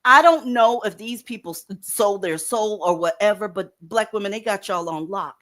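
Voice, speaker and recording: A woman's voice: medium pitch, moderate pace, fairly bright tone. A woman hosting a casual commentary show, blunt and profane, lecturing viewers directly. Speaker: commentary host.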